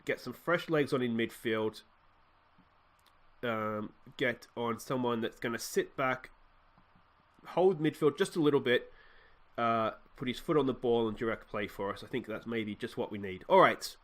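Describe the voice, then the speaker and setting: A young Australian man hosting a let's play, thinking aloud and getting excited as he commentates a football management game. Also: medium pitch, moderate pace. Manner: excitable, thinking aloud while clicking through a match.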